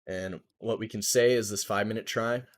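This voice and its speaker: A young man with a somewhat low voice runs a live trading stream from his desk. He talks loosely and thinks aloud, full of market jargon, into a desk mic. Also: steady tone, brisk. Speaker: trading livestream host. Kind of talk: casual live market commentary.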